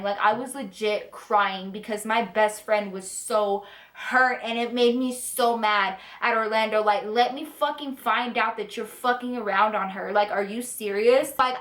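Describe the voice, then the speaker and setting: A young woman telling a casual storytime, chatty and animated with lots of swearing. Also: on the high side, moderate pace. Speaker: vlogger. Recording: echoey room.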